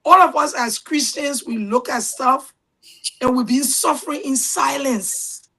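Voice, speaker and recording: A middle-aged woman with a Liberian accent, a guest telling animated stories in casual talk and raising her voice for the people she quotes. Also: sits high, unhurried, breathy edge, rough recording. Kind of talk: casual storytelling.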